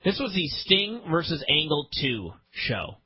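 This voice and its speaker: A man hosting a podcast launches into an exasperated, profane rant, his husky voice leaping up and down all the while. He sits a touch high in pitch, and the audio is slightly dull and lo-fi. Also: very animated, a little slow. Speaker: podcast host. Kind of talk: ranting wrestling podcast chat.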